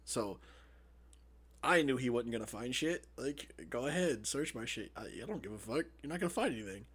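A man's voice: mid-range voice, lively intonation, fairly quick, a bit bright, slightly rough. A young man co-hosting a podcast, telling a story in a casual, profane, laughing way. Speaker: podcast co-host.

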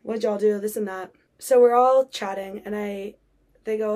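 Chatty young woman, mellow voice. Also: medium pitch, fairly even intonation, normal speed. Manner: chatty, many "like" fillers, acts out quotes. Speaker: podcast host. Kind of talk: personal storytelling monologue.

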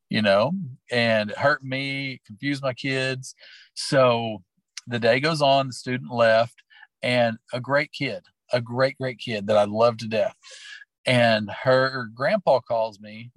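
A middle-aged man from Oklahoma who teaches and coaches, recalling his experiences in an earnest, heartfelt, meandering way. His voice sits at an ordinary pitch and is recorded close and dry. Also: steady tone, normal speed, dry recording, rough recording. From Oklahoma, USA. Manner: earnest, heartfelt, rambling storyteller. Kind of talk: personal storytelling in an interview.

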